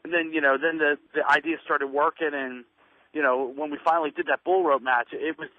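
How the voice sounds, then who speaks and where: A man's voice: a little high, fairly even intonation, fairly quick, no echo. A man in his thirties from the Northeastern US, a wrestler telling stories as a guest, full of fillers and acted-out quotes. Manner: rambling storyteller, many fillers, acts out quotes. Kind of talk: casual phone interview. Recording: muffled dry lo-fi radio audio.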